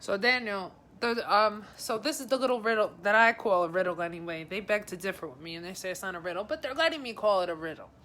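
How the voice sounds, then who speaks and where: Bright-voiced chatty woman psychic. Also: medium pitch, fast talker, hardly any pauses. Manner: chatty, addresses viewers by name, relays messages. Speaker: psychic advisor. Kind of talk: live-streamed psychic reading.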